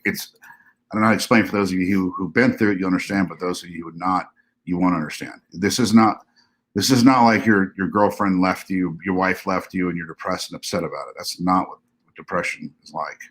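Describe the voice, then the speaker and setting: Man podcast co-host, lower voice, candid casual chat, halting and profane. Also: a bit bright. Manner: halting, restarts, frank and profane.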